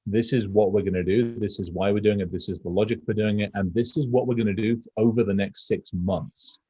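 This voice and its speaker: On a dry recording, a man with a lowish, slightly rough voice talks a little fast as he co-hosts a casual podcast. He rambles and swears freely, animatedly acting out quotes as he tells his stories.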